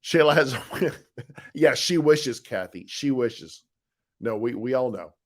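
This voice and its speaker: Middle-aged male co-host, relaxed and rambling, chatting live with viewers, plenty of restarts. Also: mid-range voice, slow. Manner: easygoing, rambling, with frequent restarts and laughs. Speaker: co-host of a live chat show, husband of the author. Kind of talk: casual live-stream chat reading viewer comments.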